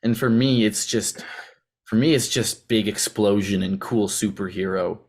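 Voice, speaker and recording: A man's voice: fairly low pitch, unhurried. Easygoing young man, hesitant speech. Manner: easygoing, hesitant, full of likes and ums. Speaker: podcast co-host. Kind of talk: casual movie debate.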